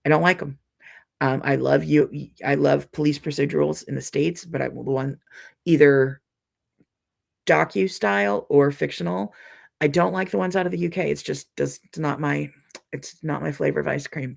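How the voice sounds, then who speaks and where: A middle-aged woman hosts a relaxed live stream, talking in a loose, rambling way full of ums and restarts. Her voice is deeply gravelly and husky. She reads viewers' comments aloud and answers each one. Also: normal speed. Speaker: quilting channel host reading live comments. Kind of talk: casual live-stream chat.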